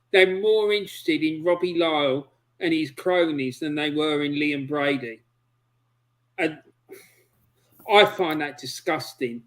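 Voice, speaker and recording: A man's voice: on the high side, low-quality recording. A man hosting a football chat, speaking passionately and indignantly about his club. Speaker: show host. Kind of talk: opinionated chat.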